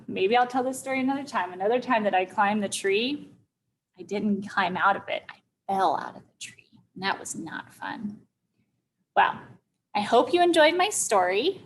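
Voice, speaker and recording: A woman's voice: medium pitch, animated, a little hiss or hum, low-quality recording. A teacher telling a young-children's story, checking in often with her listeners. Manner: slow, deliberate, checks in with listeners.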